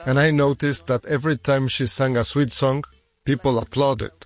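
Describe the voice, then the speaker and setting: A man voices an interview translation in English, speaking conversationally and reflectively. His pitch is mid-range, with faint music underneath. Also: fairly even intonation, normal speed. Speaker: voice-over interpreter.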